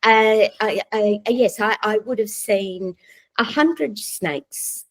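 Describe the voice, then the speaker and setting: A middle-aged woman with an Australian accent talks in a relaxed, conversational way. She tells stories with easy laughter and plenty of self-corrections. Her voice sits at an ordinary pitch for a woman. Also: slow, rough recording. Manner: chatty storyteller, laughs often, frequent restarts. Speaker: guest, psychiatrist. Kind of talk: casual conversational interview.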